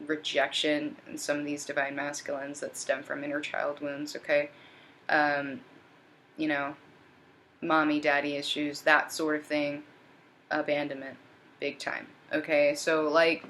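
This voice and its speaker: A woman with a low voice talks through a tarot reading in a loose, chatty way. She sounds drained and tired, sprinkling her talk with ums, quick laughs and little check-ins. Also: a bit bright, a little hiss or hum. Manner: chatty, repeats okay and um, laughs often. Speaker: tarot reader. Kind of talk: spiritual reading, casual monologue.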